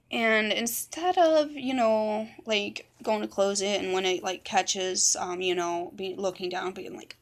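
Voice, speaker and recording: A young woman tells a personal story straight to the camera in a loose, rambling way. Her voice has a gravelly, fried edge, and she swears freely and leans on filler words. She drops into a whisper when she quotes other people. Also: a little high, a bit bright. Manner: rambling, profane, full of fillers. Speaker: vlogger. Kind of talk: casual storytime monologue.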